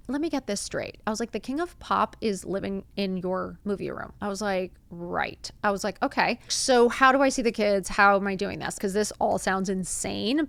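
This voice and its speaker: A woman hosting a podcast, telling a personal story in a casual, animated way, acting out quotes and saying "like" a lot. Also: medium pitch, vocal fry, clean tone, no echo. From Miami. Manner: animated, acts out quotes, says "like" often. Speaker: podcast host.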